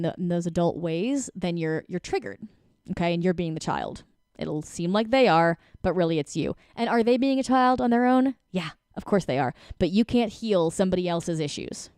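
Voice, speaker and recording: Lively woman coaching, low dry voice. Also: clean tone, no echo. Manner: animated, acts out quick voices with laughs. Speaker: relationship coach. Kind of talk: casual advice talk.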